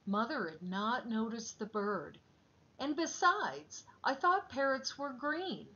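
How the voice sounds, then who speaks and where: A woman reading a children's story aloud in a gentle, expressive way. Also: on the high side, slow, lo-fi sound.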